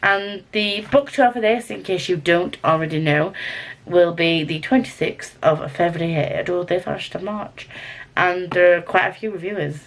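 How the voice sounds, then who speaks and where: A young woman with a Scottish accent chatting casually to camera about her books, rambling and excitable. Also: on the low side, normal speed, slight background noise. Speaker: book vlogger.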